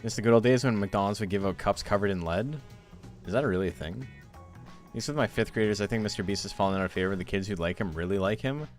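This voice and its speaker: A man's voice: on the low side, fast, faint music behind. A young man chatting casually on a game stream, rambling with lots of fillers and frequent laughs. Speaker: streamer and game tournament host. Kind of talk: casual chat while streaming.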